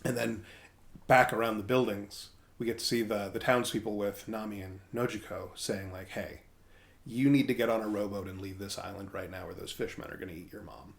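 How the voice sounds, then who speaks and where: A man's voice: on the low side, fairly even intonation, a little fast, vocal fry. A man co-hosting a casual podcast, animatedly retelling a story and slipping into quoted voices as he goes. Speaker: podcast co-host recapping a manga. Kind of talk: casual chat.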